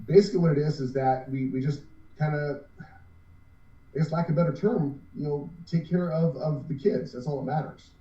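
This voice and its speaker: A man's voice: fairly high pitch, steady tone, normal speed, warm tone. A man, co-owner of a cosplay group, talking earnestly in a casual interview with many restarts. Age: 50s. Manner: rambling, earnest, restarts often. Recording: roomy, distant, dull lo-fi sound.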